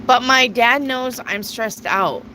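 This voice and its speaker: A woman's voice: on the high side, slow pace, sharp tone, slight background noise, poor audio. A woman hosting a casual live tarot reading, chatty, reading viewer questions aloud and answering them. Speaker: tarot reader.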